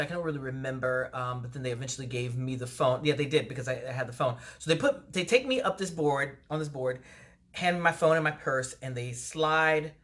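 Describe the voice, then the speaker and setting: A woman telling a personal story in a vlog, animated and lively, her voice leaping up when she replays her own words. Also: low voice. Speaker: vlogger.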